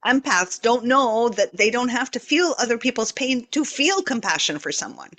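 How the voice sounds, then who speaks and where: Brief: earnest guest with a bright, forceful tone, explaining calmly. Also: medium pitch, moderate pace. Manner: earnest, explanatory, guides visualizations. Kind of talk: casual spiritual chat.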